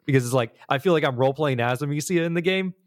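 A man's voice: fairly high pitch, racing. A man chatting casually about video games, telling rambling stories and acting out little scenes as he goes. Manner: animated, rambling storyteller who acts out scenes.

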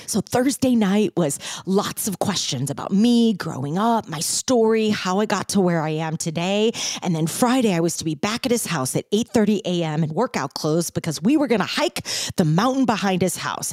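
A woman's voice: mid-range voice, animated, moderate pace, a little mellow, no room sound, studio quality. A woman telling her own story as a brand founder, with playful emphasis and upbeat slang. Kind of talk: personal storytelling monologue.

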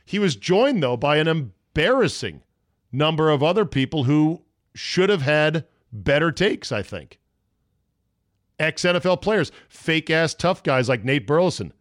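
A man's voice: on the high side, sing-song, a little slow, dry recording, clean studio sound. A middle-aged man hosting a podcast, ranting bluntly with sarcasm and profanity. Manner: blunt, profane, sarcastic, mocking voices in quotes. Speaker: podcast host. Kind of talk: opinionated sports talk monologue.

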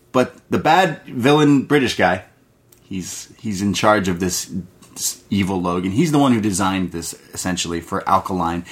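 Casual male podcast reviewer, low voice, rambling profane recap. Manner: rambling, profane, many fillers. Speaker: movie podcast co-host.

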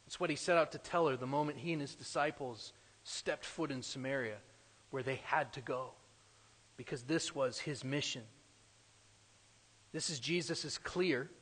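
In a large, echoing space, a man preaches a sermon in a somewhat raised, slightly high, husky voice. He speaks emphatically, building to loud declarations before falling to hushed asides.

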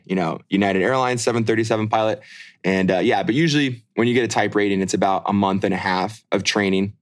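Man, low voice, laid-back, rambling podcast chat. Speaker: podcast co-host, airline pilot. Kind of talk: casual chat.

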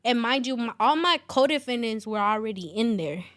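A woman's voice: on the high side, expressive, brisk, a loud crowd. A woman guest on a podcast, chatting casually as she tells a long story full of fillers and swearing.

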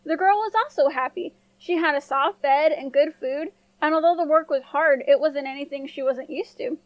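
High-voiced woman storyteller. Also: moderate pace, no echo, dull audio. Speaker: storyteller, podcast host. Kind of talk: scripted storybook narration.

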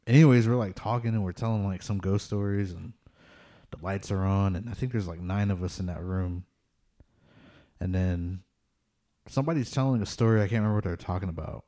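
A man with a low, mellow voice talks briskly as he shares casual tales of run-ins with ghosts. He wanders off track, leans on fillers, and gives nervous laughs at the tense bits.

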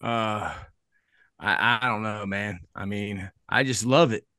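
A man's voice: lowish voice, slow pace, pushed and bright, no echo, studio quality. A man, a football coach, chatting as a podcast guest in an easygoing, self-deprecating way. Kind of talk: casual chat.

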